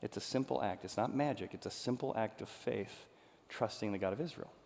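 A man's voice: lowish voice, brisk, creaky, darkish tone. A male pastor preaching a sermon, telling a story with lots of animation and acting out the quotes. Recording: church hall reverb.

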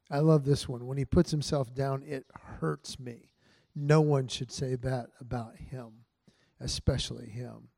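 A man giving a heartfelt church talk to a men's group, telling stories in an earnest way and softening his voice for quoted lines. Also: medium pitch, vocal fry, no echo. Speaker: men's ministry speaker.

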